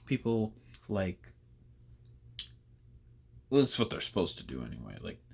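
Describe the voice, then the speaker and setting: A man's voice: sits low, wildly swooping pitch, a little slow, creaky, darkish tone, husky. A man hosting casual political commentary, sarcastic and rambling with frequent restarts.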